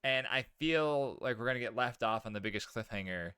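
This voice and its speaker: Laid-back male co-host, smooth bright voice, slangy delivery. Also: medium pitch, animated, a little fast, no room sound, clean studio sound. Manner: laid-back, slangy, says bro and man. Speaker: podcast co-host. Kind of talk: casual chat.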